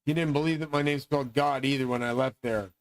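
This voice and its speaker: A man's voice: medium pitch, steady tone, fast talker, no room sound, poor audio. A middle-aged man delivering a rambling, profane, grandiose monologue as host of his own channel.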